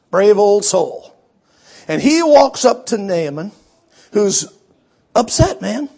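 Preaching with lots of energy, this man acts out quoted voices and swings between loud outbursts and quiet asides. He speaks slowly, and his voice sits high.

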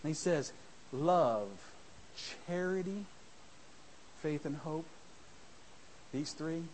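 A man preaching a sermon in church, rising to shouts and dropping to a hush, mimicking his listeners. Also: fairly high pitch, steady tone, slow pace, a little hiss or hum, rough recording. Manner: swings from shouting to soft, mimics church members. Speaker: visiting preacher.

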